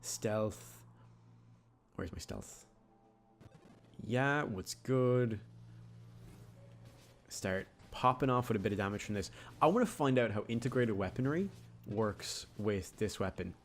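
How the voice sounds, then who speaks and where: A man's voice: on the low side, lively intonation, slow pace, long pauses, slight background noise. A man giving casual, rambling, jokey commentary while playing a video game. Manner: rambling, chatty, jokey asides. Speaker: gaming YouTuber.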